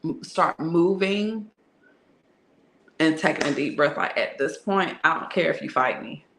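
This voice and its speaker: A woman's voice: sits low, lively intonation, measured pace, a bit bright, a little hiss or hum. A woman telling a candid personal story in a frank, slangy, conversational way that is broken up with laughter. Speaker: tarot reader and channel host. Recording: echoey room.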